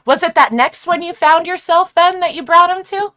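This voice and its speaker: A woman's voice: very high-pitched, normal speed, sharp tone. A woman hosting a casual live stream, upbeat and slangy, laughing often. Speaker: stream host.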